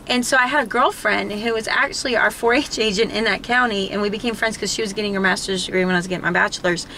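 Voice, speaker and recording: A woman's voice: medium pitch, steady tone, fast talker, sharp tone, slight background noise, poor audio. A middle-aged woman from South Florida with a Southern accent, chatting casually and telling stories full of quoted asides. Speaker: channel host. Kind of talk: casual chat. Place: home room, indoors, fan running.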